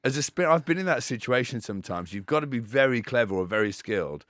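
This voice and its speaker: A man's voice: medium pitch, expressive, fast, a bit bright, no echo, studio quality. An English man in his forties, a former cricketer, chatting and telling stories with laughs and swearing. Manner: storytelling, laughing, swearing, mimics others. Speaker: former England spin bowler, guest. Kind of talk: casual podcast chat.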